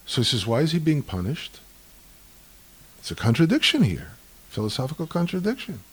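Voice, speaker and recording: A man talking in a lively, argumentative way about tradition, acting out the voices in the stories he tells. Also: on the high side, a little fast, pauses often, breathy edge. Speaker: speaker on Jewish tradition. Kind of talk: animated conversational storytelling.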